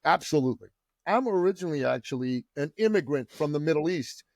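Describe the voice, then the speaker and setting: A man's voice: a little high, lively intonation, fast talker, a little mellow, dry recording, clean studio sound. A man from Iran, a guest on a podcast, telling his story with a fervent, preacher-like delivery. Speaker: entrepreneur guest.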